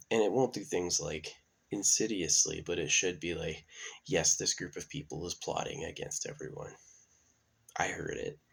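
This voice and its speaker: Low husky guy just rambling to camera, lots of ums and restarts, kinda gravelly. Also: a bit bright. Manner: meandering, many fillers and restarts. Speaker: channel host. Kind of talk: casual rambling monologue.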